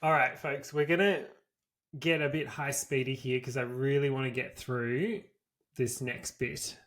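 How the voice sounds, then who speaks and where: A man's voice: mid-range voice, steady tone, unhurried, fairly bright tone. A man co-hosts a chatty podcast, reading a history story aloud in a mid-range voice. Between passages he drops into loose, offhand banter and swears freely. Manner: casual, swears freely, reads from notes. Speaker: podcast co-host.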